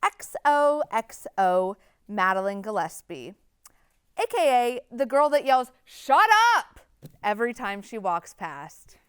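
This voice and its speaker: A young woman in her twenties hosts a student comedy show, delivering scripted jokes with deadpan sarcasm. Her voice is smooth and clear, her pitch swings widely, and the sound is dry and close. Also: unhurried, dry recording. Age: 20s.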